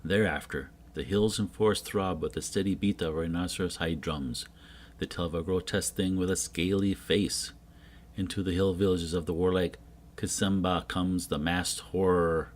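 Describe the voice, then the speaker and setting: A man reading a jungle adventure comic aloud, voicing every character himself and getting loud on the shouted lines. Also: deep voice, fairly even intonation, moderate pace, a little hiss or hum. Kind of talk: dramatic comic book reading.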